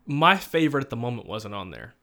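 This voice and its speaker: A man's voice: mid-range voice, sing-song, brisk, bright, forceful tone. A young man from Missouri, co-hosting a podcast in a casual chat, rambling through long stories and laughing often. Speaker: podcast host.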